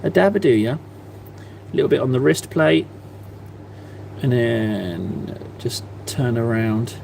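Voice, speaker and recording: A man's voice: mid-range voice, takes it slowly, creaky, a little mellow, slight background noise. A man chatting casually on a live stream, self-mocking and rambling as he paints. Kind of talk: casual livestream chat while painting.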